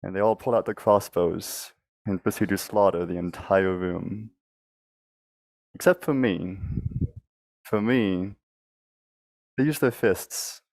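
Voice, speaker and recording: A man playing a tabletop game, slowly telling his character's backstory with some stumbles. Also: on the low side, a little mellow, dry recording. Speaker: player.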